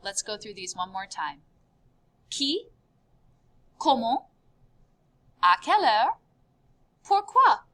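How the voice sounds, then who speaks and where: A woman teaching a recorded French lesson, upbeat and drilling each word with sharp rising repeats. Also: on the high side, sing-song, takes it slowly, pauses often.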